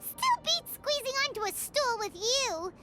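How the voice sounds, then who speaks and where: A woman voicing a tiny, chatty fairy companion in a video game, with a whiny, squeaky manner. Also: big pitch swings, unhurried, heavily acted. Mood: cheeky. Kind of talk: game voice acting. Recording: game audio under loud music.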